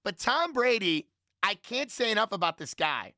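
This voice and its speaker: A man's voice: sits high, big pitch swings, normal speed, bright, forceful tone, no room sound, studio quality. A man on a sports panel, arguing his point emphatically and repeating himself for effect. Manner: emphatic, repetitive, argumentative. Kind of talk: heated sports debate.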